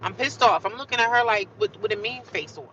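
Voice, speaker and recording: A woman vlogging on a livestream, venting with animated, repetitive storytelling. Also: mid-range voice, brisk, distant mic, lo-fi sound, slight background noise.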